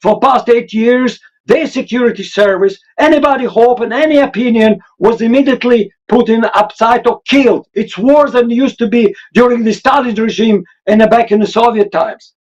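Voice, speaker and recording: Emotional high-voiced Russian-accented man. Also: moderate pace, hardly any pauses, darkish tone, muffled recording. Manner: emotional, urgent, accented non-native English. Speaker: guest. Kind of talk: impassioned interview answers.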